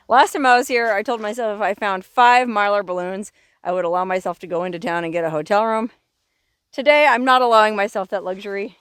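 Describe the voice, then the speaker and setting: A middle-aged woman vlogging outdoors in the open desert, chatting casually as she walks around, reading inscriptions aloud and exclaiming softly. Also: mid-range voice, a little fast, clean tone, no room sound, clean studio sound. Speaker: vlogger exploring remote desert sites. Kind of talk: casual narrated walkabout.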